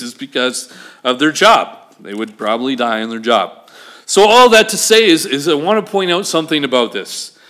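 Animated preacher man, acting out scenes. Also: fairly high pitch. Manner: animated, acts out scenes, asks the congregation questions. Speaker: pastor. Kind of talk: sermon.

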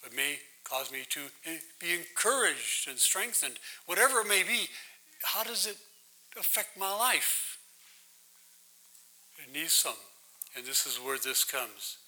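A man teaches scripture as a pastor, drawing his listeners in with questions and a steady stream of "right?". His voice sits high and sounds very bright. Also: measured pace, long pauses, rough recording. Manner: conversational, keeps asking "right?". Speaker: pastor leading a Bible study. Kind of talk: interactive sermon with questions to the audience.

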